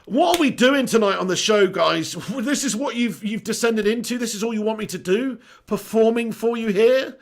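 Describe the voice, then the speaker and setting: A man's voice: sits high, unhurried. A man hosting a live stream, reading viewer comments in casual chat, jokey and self-mocking with frequent laughs.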